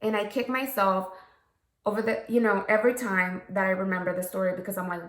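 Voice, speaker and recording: A woman's voice: medium pitch, flat delivery, brisk. A woman telling a story while doing a makeup tutorial, frank and profane, often checking in with "okay?" and "right?". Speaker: makeup vlogger. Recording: echoey room.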